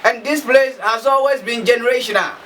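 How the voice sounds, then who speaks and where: Man from africa ranting hard, keeps asking rhetorical questions, high voice, mic a bit far off. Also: brisk, fairly bright tone. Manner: emphatic, repetitive, rhetorical questions. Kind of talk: impassioned monologue. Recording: slightly distant mic, faint background noise.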